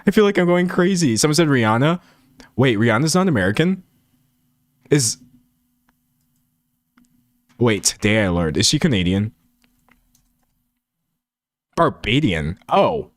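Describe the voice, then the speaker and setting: Animated rambling male streamer, dry sound. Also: mid-range voice, a little slow, long pauses, no echo. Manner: animated and rambling, self-mocking, many restarts. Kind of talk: live stream commentary reading chat.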